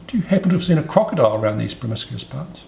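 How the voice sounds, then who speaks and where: A man's voice: mid-range voice, big pitch swings, rapid-fire, gravelly, a little mellow. A man voicing a polite, curious young elephant calf who pleads earnestly. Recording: roomy echo, faint ambience.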